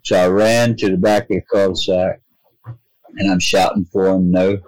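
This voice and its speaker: Low-voiced man recounting a story. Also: flat delivery, moderate pace, a little mellow, no room sound, rough recording. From North Carolina, US. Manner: earnest, rambling, with frequent restarts. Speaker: guest telling his own experience. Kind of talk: casual storytelling.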